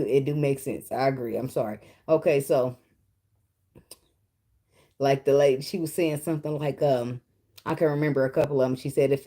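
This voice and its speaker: A woman's voice: deep voice, warm tone. A woman, giving a casual, blunt tarot reading full of swearing and chatter to the cards. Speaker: tarot reader.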